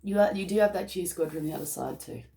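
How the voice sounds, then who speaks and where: A woman's voice: fairly low pitch, fast talker, creaky, dark tone. A woman giving a casual, emotional tarot reading to camera, chatty and often laughing. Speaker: tarot card reader.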